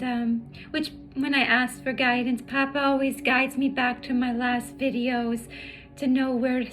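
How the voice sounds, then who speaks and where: Woman, high voice, slow, tired, halting, emotional vlog, music in background. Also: rough recording. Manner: halting, many fillers and restarts, emotional. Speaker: spiritual vlogger. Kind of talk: heartfelt personal vlog.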